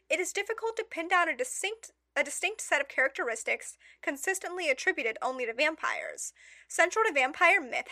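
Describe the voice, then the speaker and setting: A woman's voice: high voice, pushed and bright, no room sound. A woman co-hosting a casual podcast, reading facts aloud with stumbles and giggly asides in a small studio. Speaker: podcast co-host. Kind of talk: casual chat reading notes.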